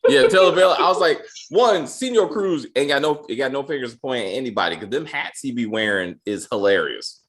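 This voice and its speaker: Animated man riffing on a TV episode. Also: mid-range voice, brisk, few pauses. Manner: animated, laughing, acts out characters' lines in voices. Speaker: show host. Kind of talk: casual TV episode review chat.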